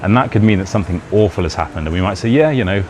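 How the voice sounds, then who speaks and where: A man's voice: deep voice, very fast. A British man talking casually to camera in a chatty, rambling way, laughing often as he teaches about his country. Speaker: British English teacher and YouTuber. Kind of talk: casual vlog talk. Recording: outdoor street noise behind.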